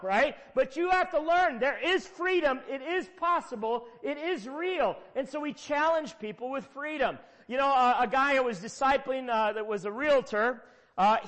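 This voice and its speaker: A man's voice: very high-pitched, fairly bright tone. A middle-aged man preaching a sermon, telling stories conversationally with emphatic repetitions. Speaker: pastor. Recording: long hall reverb.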